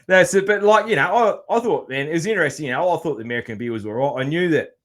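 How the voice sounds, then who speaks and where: This Australian podcast host talks fast, animated, with a voice on the high side. Conducting an interview in a relaxed, easygoing style, he curses openly and leans on fillers.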